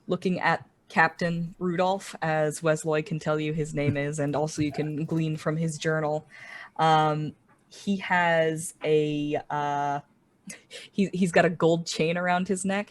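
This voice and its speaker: A game master slowly describing a tabletop scene, with many pauses and fillers. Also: medium pitch. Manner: slow, hesitant, many ums.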